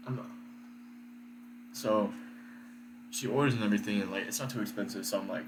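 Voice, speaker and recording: A man's voice: fairly low pitch, fairly even intonation, a little fast, pauses often. A young man telling a story casually, rambling and profane with lots of filler words. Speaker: vlogger. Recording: echoey room with background noise.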